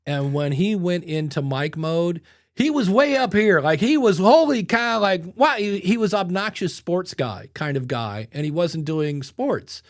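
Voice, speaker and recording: A man hosting a podcast in casual chat, animated and talking into a mic with headphones, sometimes acting out voices. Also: on the high side, unhurried, no echo, studio quality. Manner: animated, demonstrates voices with sudden loud bursts. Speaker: podcast host. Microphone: studio mic with headphones.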